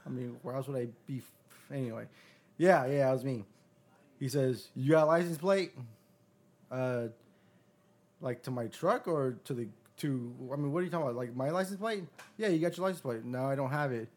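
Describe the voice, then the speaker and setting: Profane storytelling man, animated. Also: mid-range voice, brisk. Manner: profane, animated retelling with quoted dialogue. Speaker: podcast guest. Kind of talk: casual storytelling.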